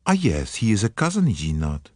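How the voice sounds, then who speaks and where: A man voicing a fastidious, shrewd older detective in an audiobook, speaking formally, precisely and methodically. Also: fairly low pitch, wildly swooping pitch, darkish tone, dry recording, studio quality. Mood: measured.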